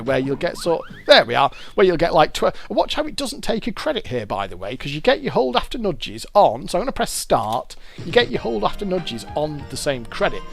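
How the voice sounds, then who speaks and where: A man's voice: sits high, gravelly. A British man giving casual, rambling commentary while he plays a fruit machine game and explains its features.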